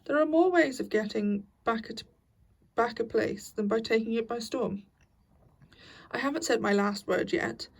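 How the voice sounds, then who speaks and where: A woman reader puts on a grave old storybook badger with a thin, dry voice and a gravelly edge. He speaks with severe authority that softens into fatherly firmness. The voice is a little distant from the microphone. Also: on the high side, normal speed. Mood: reassuring. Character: stern, respected old male badger.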